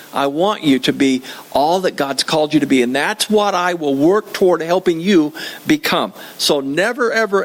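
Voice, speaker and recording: An older man preaching a sermon in a church, conversational and joking, often repeating his phrases. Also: on the high side. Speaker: pastor.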